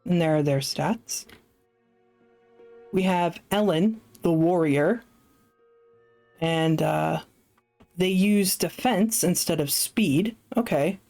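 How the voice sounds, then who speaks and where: Slow-talking woman streamer, low voice. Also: a little mellow, faint music behind. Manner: chatty, self-deprecating, thinks aloud with fillers. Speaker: streamer playing a solo tabletop game. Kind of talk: casual live-stream chat.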